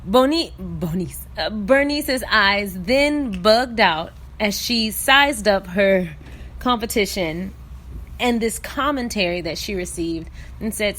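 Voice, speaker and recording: Animated woman retelling a story, laughing. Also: mid-range voice, slow. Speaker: podcast host. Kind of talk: comedic story recap.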